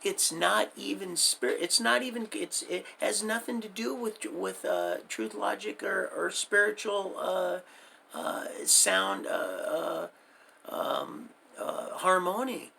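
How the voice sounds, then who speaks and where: A man's voice: high-pitched, very animated, takes it slowly, vocal fry, sharp tone, a little hiss or hum. A middle-aged man hosting a livestream, telling his life story in a rambling, folksy way and drifting into preaching at his viewers. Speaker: livestream host.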